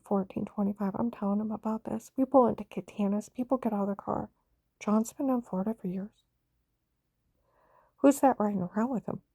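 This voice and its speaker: Gravelly older woman telling her story. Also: medium pitch, dark tone, no echo. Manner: intense, urgent storytelling. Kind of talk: rambling personal account.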